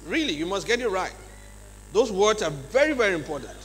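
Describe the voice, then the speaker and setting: A man with a Nigerian English accent giving a lively leadership seminar talk in a large church hall, often checking in with his audience. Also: high voice, fairly quick. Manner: acts out examples in changed voices. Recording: long hall reverb, faint mains hum.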